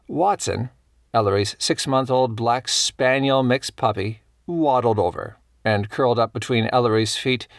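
Low gravelly male audiobook narrator. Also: no room sound, studio quality.

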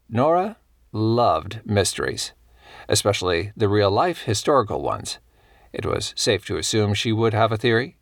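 A man reading a cozy mystery novel aloud as a measured, even audiobook narrator. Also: fairly low pitch, vocal fry, no echo, clean studio sound.

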